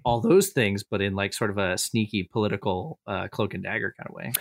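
A man with a lower voice talks through his tabletop character in a loose, rambling way, full of fillers and self-corrections. The sound is dry and close, with no room around it. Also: expressive, a little fast, no echo. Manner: rambling, hesitant, heavy fillers. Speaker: tabletop game player. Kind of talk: casual chat describing a character.

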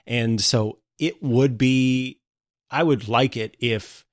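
A man co-hosting a podcast, talking about tech in a thoughtful, halting way with fillers. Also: mid-range voice, no room sound, clean studio sound. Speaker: podcast co-host. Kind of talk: casual tech chat.

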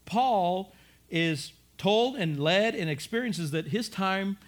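A man preaching a sermon, telling the story in an animated way, acting out voices and rising to shouts. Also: high-pitched, slow. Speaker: pastor.

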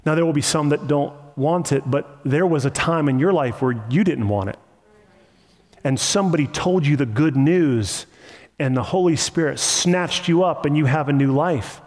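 A man's voice: on the high side, moderate pace, darkish tone. A man preaching an impassioned sermon with emphatic repetition, recorded in a church sanctuary. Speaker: pastor. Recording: long hall reverb.

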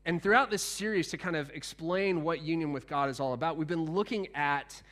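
A man preaching a sermon in a conversational, animated way, with frequent restarts and asides to the congregation. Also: a little high, brisk. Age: adult, past teenage years. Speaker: pastor.

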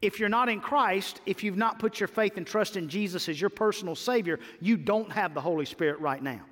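Male pastor, high voice, preaching with big swells, long reverb of a church hall. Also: brisk. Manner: swells to loud exclamations, repeats phrases. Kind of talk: sermon. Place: church sanctuary.

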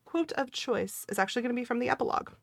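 A woman co-hosting a casual book-club podcast, talking in an animated, emphatic way with quick joking asides. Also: on the high side, gravelly, dry recording. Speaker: podcast co-host.

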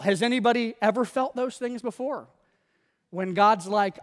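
High-voiced preacher in a reverberant hall. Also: male voice, fairly quick. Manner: animated storytelling, acting out quotes. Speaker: pastor. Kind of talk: sermon. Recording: long reverb of a large hall.

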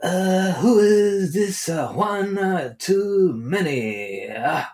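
A man voicing a hesitant, puzzled young boy who stumbles through a question with drawn-out fillers. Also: high-pitched, lively intonation, darkish tone, reverberant, voice pushed up, exaggerated voice.

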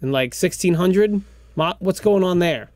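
A man co-hosting a podcast, excitedly improvising a comedic story and firing off rapid questions. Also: sits high, no room sound, studio quality. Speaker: podcast co-host.

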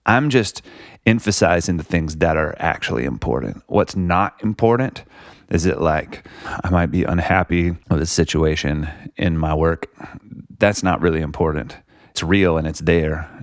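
A man's voice: deep voice, moderate pace, dry recording, clean studio sound. A man talking reflectively in a casual conversation, rambling with lots of "like" and "you know". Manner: reflective, rambling, many likes and you knows.

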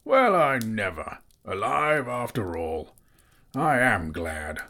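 A man voicing an old, wounded male wizard who speaks with warmth and gravity. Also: fairly low pitch, sing-song, slow, voice pushed up, heavily acted. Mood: relieved.

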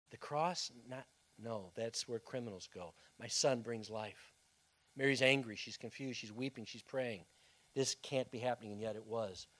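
A male pastor with a mid-range voice preaches a sermon as dramatic storytelling. He swings between loud bursts and hushed tones.

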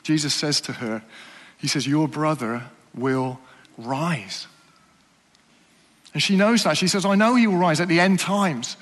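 High-voiced earnest male preacher. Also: long reverb tail. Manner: earnest, questioning, drops to soft slow emphasis. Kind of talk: sermon.

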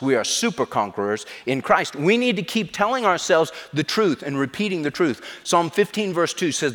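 A man's voice: fairly high pitch, sing-song, moderate pace, few pauses, big-room sound. A middle-aged man, a pastor, preaching a sermon with emphatic, repetitive delivery.

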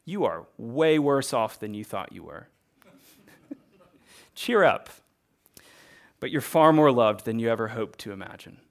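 A man's voice: medium pitch, lively intonation, moderate pace, vocal fry, few pauses. Earnest man preaching a sermon. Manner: earnest, conversational preaching with rhetorical questions. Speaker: pastor.

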